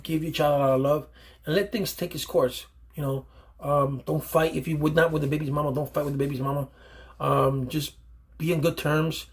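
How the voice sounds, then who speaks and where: In an unscripted monologue, a man who is a father urges other dads with earnest emphasis, circling back to repeat points and restarting his phrases. He speaks in a husky voice that sits fairly high.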